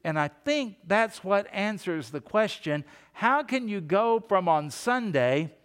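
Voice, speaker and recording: A man preaching a sermon as pastor, in a folksy, animated storytelling way. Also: high-pitched, slow pace, clean tone, in a large hall.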